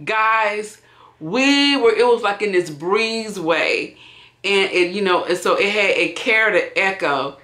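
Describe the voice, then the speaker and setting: A woman's voice: medium pitch, measured pace. A woman vlogger telling a casual story while wrapping gifts, acting out what people said, recorded in an echoey room. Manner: animated, acts out quotes.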